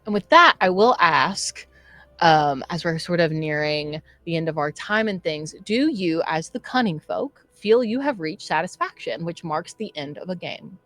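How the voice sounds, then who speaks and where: A woman running a tabletop game as game master, narrating with animated swings in energy and frequent laughter. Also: low-pitched, a little slow, no room sound.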